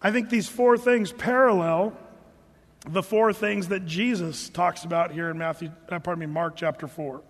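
A man preaching a casual, joking sermon, reading scripture slowly between everyday asides. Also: high voice, steady tone, in a large hall. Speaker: pastor.

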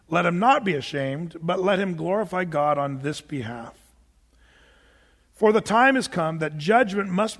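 A man's voice: sits high, a bit bright, long reverb tail. A middle-aged male pastor preaching a sermon in a church, reading scripture aloud and talking to his congregation in a conversational, joking way. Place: church sanctuary.

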